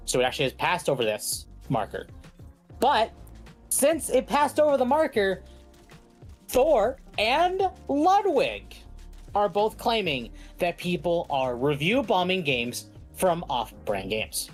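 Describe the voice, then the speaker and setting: A woman's voice: on the low side, sing-song, takes it slowly, soft background music. A woman hosting a live stream, recapping recent events in an emphatic way. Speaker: stream host.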